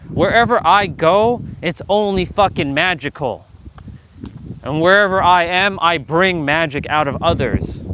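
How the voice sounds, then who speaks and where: A man's voice: mid-range voice, a bit bright, slight background noise. A man hosting a live motivational stream, talking to his chat in a fired-up, preachy way, swearing freely and calling out viewers by name. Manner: calls out chat viewers directly. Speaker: livestream host.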